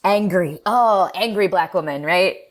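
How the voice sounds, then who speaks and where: Guest linguist, woman, lower voice, animated and laughing, casual explainer. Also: unhurried. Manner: lively, animated, laughs often, fillers like "um" and "like". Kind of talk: casual explanatory podcast talk.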